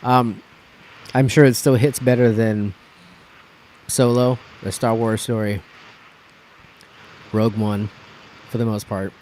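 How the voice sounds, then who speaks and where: Podcast co-host, a man with a fairly low voice, sardonic and profane, faint hiss behind. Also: steady tone, slow, pauses often, a little mellow, low-quality recording. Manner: wry, profane banter. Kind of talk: casual chat.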